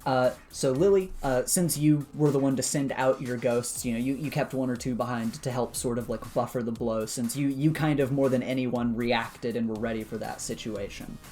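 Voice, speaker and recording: Relaxed game master, faint music. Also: male voice, mid-range voice, moderate pace, few pauses. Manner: relaxed, lots of "uh" fillers, chuckles. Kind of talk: narrating a tabletop game.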